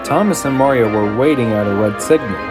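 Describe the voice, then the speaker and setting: A man narrating a storybook in an animated way, performing all the voices himself. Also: mid-range voice, brisk. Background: music.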